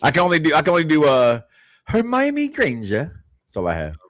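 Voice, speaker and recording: A man's voice: fairly high pitch, big pitch swings, racing, a bit bright, no room sound, studio quality. A man co-hosting a casual gaming podcast, joking and teasing in loose banter. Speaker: podcast co-host.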